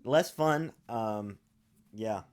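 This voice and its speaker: A man with a somewhat low voice co-hosts a laid-back podcast. He trades jokes with a dry, deadpan delivery, talking into a remote call mic. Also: drawn-out words, clear, resonant tone. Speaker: podcast co-host. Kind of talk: casual chat.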